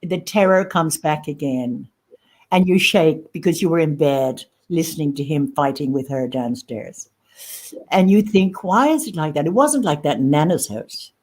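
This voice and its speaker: Woman guest, lowish voice, halting emotional testimony. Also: animated, darkish tone. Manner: halting, emotional, repeats phrases. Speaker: guest sharing lived experience. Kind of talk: personal testimony in conversation.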